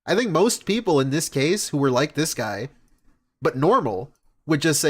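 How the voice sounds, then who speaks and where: A man's voice: on the high side, very animated, normal speed. A man hosting a reaction stream, giving sarcastic, mocking, profane commentary on a clip. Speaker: reaction host.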